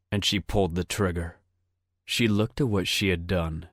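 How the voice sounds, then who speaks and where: This audiobook is narrated by a man whose low voice moves through the script in a steady, measured way. The studio recording is clean, without any room sound.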